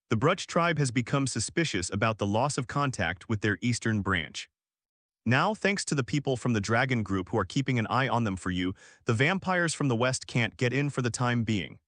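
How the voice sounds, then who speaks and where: A man's voice: medium pitch, animated, fairly quick, fairly bright tone, no echo. Male narrator voicing an ancient teasing vampire woman from a storybook, sly and lightly seductive, dry sound. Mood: serious.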